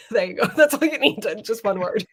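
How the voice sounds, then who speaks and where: A woman's voice: on the high side, animated, moderate pace, a crowd in the background. A young adult woman co-hosting a livestream, chatting casually and reading out viewer comments, laughing often. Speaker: co-host of a writing sprint stream.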